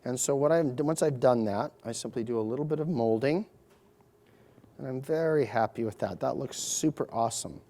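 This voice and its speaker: A man's voice: medium pitch, normal speed, dark tone. A middle-aged man, a surgeon, narrating a live procedure demonstration to an audience, explaining each step with chatty, joking asides.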